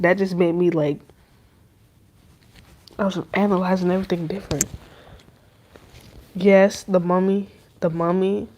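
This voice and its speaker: A woman's voice: on the low side, a little mellow. A young adult woman hosting a podcast, rambling in loose, profane slang in casual chat. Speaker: podcast host.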